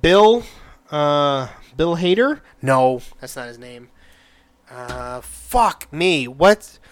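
A man hosting a solo podcast, gushing excitedly, cursing freely and stumbling over restarts. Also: a little high, drawn-out words, clean tone. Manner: excitable, gushing, swears a lot, stammers and restarts. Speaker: podcast host.

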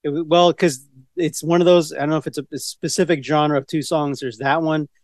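A man's voice: a little high, fairly even intonation, a little fast, no echo, clean studio sound. Rambling middle-aged man telling stories. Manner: rambling, tangent-prone storytelling with many restarts. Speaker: podcast co-host. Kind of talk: casual chat.

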